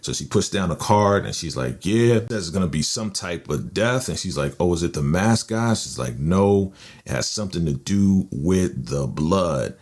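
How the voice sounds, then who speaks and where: A man hosting a casual TV episode recap, telling the plot in a loose, animated way and quoting the characters in quick voice shifts. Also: low voice. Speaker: TV recap host. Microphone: podcast microphone.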